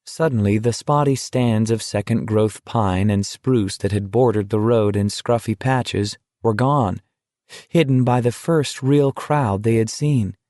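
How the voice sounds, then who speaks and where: A man narrating an audiobook in a measured, even reading voice on a close studio mic. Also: fairly low pitch, dry recording. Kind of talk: scripted narration.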